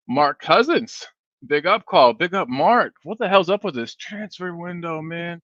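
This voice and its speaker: A man's voice: on the high side, lively intonation, a little slow, a bit bright, no echo. A sleepy man hosting a fan live stream, rambling casually and reading viewer comments aloud. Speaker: fan channel host. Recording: dull, dry stream audio.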